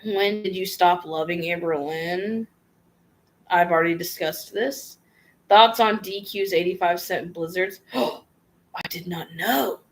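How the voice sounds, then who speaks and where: A woman's voice: lowish voice, unhurried. A woman vlogger casually reading out viewer questions and answering them frankly in a chatty, slangy way. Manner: reads viewer questions aloud and answers offhand. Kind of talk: casual livestream Q&A.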